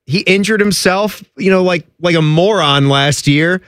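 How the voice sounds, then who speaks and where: A man co-hosting a casual sports radio talk show, laughing often and jumping into quick asides. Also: high-pitched, fairly bright tone, dry recording, studio quality.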